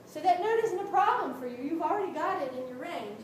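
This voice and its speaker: Brief: high-pitched woman vocal coach, brisk group lesson, sung demos, heard from afar in an echoey, noisy classroom. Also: expressive. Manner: brisk, encouraging, checks in with "right?"; sings demonstration notes. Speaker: vocal instructor. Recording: echoey room from a distance, noisy.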